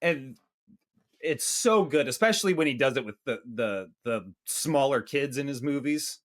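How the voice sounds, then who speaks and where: A man's voice: medium pitch, animated. Chatty, profane male podcast co-host. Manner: profane, chatty, quick asides. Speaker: movie review podcast co-host. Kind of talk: casual chat.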